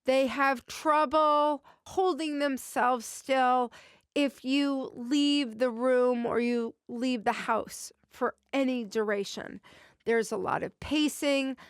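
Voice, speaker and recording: A woman with a high, smooth voice talks through her advice at an unhurried, patient pace. She explains things the way a trainer teaches, instructive and steady. The sound is close and dry. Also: no room sound. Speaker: dog trainer and podcast host. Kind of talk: instructive podcast talk.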